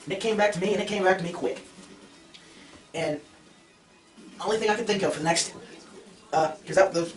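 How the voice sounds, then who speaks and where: A man's voice: high voice, fairly quick, long pauses, soft background music. A young man, a trapper, casually telling a story to his viewers, rambling and correcting himself as he goes. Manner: rambling, self-correcting, addresses viewers directly. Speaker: trapper vlogger. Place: fur shed. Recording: echoey shed, voice from far off.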